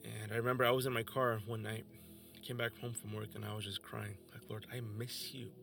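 A man's voice: fairly low pitch, level tone, brisk, vocal fry, fairly bright tone, faint music behind. A young man hosting a podcast, telling his personal faith testimony in an emotional, earnest way. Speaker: podcast host.

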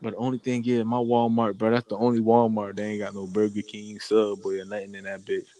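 A man's voice: lowish voice, completely flat delivery, brisk, mellow, poor audio. A young man, telling a story in casual chat and laughing often. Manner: storytelling with frequent laughs and slang.

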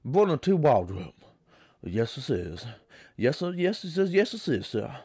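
A man imitating a pompous old-time Southern gentleman from a film, with a slow Mississippi accent. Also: medium pitch, sing-song, slightly rough, no echo, pitched above the performer's own voice.

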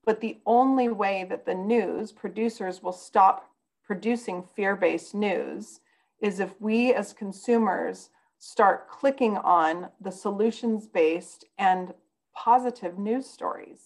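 A woman's voice: mid-range voice, slow, a little mellow, poor audio. A woman guest on a podcast, telling a personal story in an earnest, candid way. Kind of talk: casual conversation, personal storytelling.

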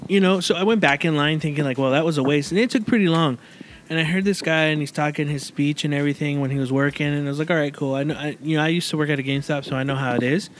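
A man's voice: fairly high pitch, steady tone, racing, noisy background. A man hosting a casual chat, telling a long story in a rambling way, with many fillers and restarts. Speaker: podcast host.

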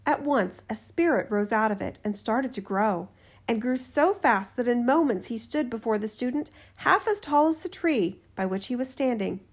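A woman narrating a fairy tale in a steady, measured reading voice. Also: fairly high pitch, slightly rough. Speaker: storyteller. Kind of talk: storybook narration.

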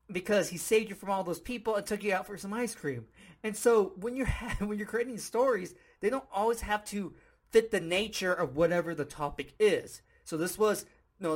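High-voiced, playful male podcast host. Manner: playful, animated storytelling with frequent chuckles. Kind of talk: casual spoken teaching.

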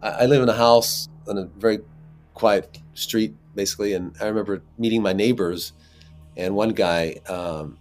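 A man, an actor, chatting as an interview guest and telling lively stories with frequent laughs. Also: fairly low pitch, moderate pace, soft background music. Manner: animated storyteller, laughs often. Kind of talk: casual interview chat.

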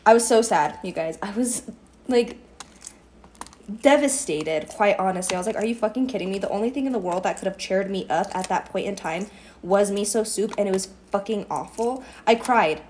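A woman's voice: medium pitch, moderate pace, a little mellow, slight background noise. Chatty, foul-mouthed young woman vlogger. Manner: chatty, profane, self-deprecating. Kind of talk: casual rambling storytime while cooking. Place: home kitchen.

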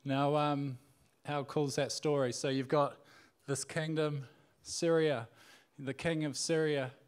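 A man's voice: on the high side, little pitch movement, measured pace, clean tone. A man giving a casual sermon, retelling a Bible story in a conversational way with frequent fillers and restarts. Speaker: preacher.

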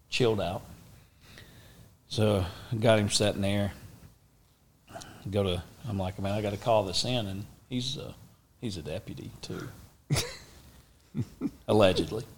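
A middle-aged man tells a story in a casual, animated way and acts out what people said. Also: on the low side, slight background noise. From Oklahoma, USA. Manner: animated, acts out quoted speech, drawling. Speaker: interview guest.

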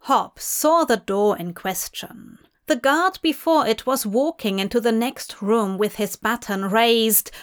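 A woman reads a fan fiction story aloud, taking her time over each sentence. Her voice sits slightly high and her delivery is slow and deliberate. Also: clean tone. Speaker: fanfiction reader. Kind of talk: storybook narration.

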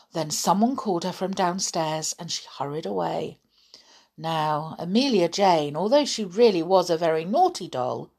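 A woman reading a children's story aloud in an expressive, dramatic manner. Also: lowish voice.

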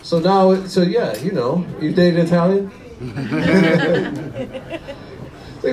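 Young guy doing stand-up, kinda high voice, laughs at his own bits, roomy echo from a far mic. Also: animated, slow pace, long pauses, a little mellow. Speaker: stand-up comedian. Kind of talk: stand-up comedy set.

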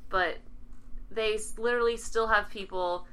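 A woman's voice: mid-range voice, fairly even intonation, normal speed, sharp tone, slight background noise. A young woman co-hosting a casual chat, opinionated and impassioned, often laughing. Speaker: podcast co-host.

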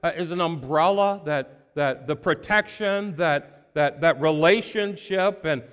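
A man preaching a sermon in an earnest, halting way, full of fillers and repeated words. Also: fairly high pitch, fairly bright tone, clear, resonant tone, big-room sound.

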